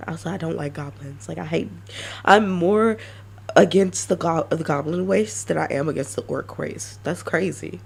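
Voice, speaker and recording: A woman streamer chatting casually and brainstorming ideas, halting with many restarts. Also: sits low, vocal fry, slightly rough. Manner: halting, many restarts, self-mocking laughs.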